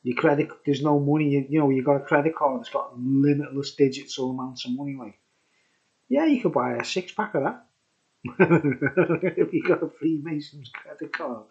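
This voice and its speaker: A man's voice: on the high side, moderate pace, a little mellow, highs cut off. A tipsy man rambling through a casual beer review, chuckling often and dropping conspiratorial asides.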